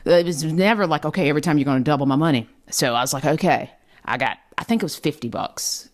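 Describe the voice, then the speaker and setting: A woman co-hosting a podcast, telling a childhood story in casual chat, animated and laughing, acting out family voices. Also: deep voice, fast talker. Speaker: podcast co-host.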